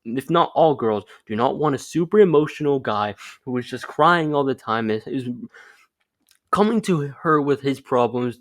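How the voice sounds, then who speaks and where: A young man talks through his dating advice in a loose, offhand way, dropping "like" between phrases as he goes. His voice sits at an ordinary middle pitch, and he speaks the way you would with a friend. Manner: rambling, loose, lots of "like" fillers. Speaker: vlogger. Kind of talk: casual advice monologue.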